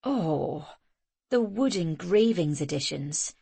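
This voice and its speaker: Lady reading as a gentle bookish guy, lower and slower than her own voice, dry close sound. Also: expressive, dry recording, full character voice. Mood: dismayed. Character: shy bookish man, gentle and fussy.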